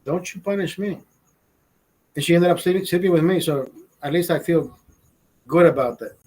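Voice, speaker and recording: Husky profane storyteller man in his forties. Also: on the high side, fairly quick, darkish tone, rough recording. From Honduras. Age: 40s. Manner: profane, rambling, laughing storyteller with restarts. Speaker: podcast host. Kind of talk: casual storytelling chat.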